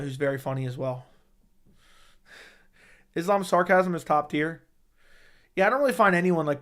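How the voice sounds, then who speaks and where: A young man hosting a casual livestream, reading viewer comments in a laid-back, low-key way and swearing casually. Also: fairly bright tone. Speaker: livestream host reading chat.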